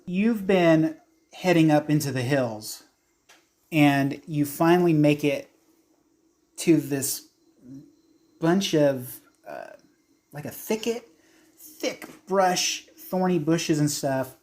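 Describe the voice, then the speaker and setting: Unhurried game master narrating horror. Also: male voice, fairly high pitch, darkish tone. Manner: descriptive, unhurried storytelling with fillers.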